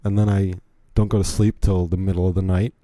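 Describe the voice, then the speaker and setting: A man's voice: sits low, little pitch movement, fairly quick, dark tone, no echo. A young man hosting a podcast, talking casually in a rambling, self-deprecating way with frequent restarts. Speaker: podcast host. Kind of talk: casual monologue.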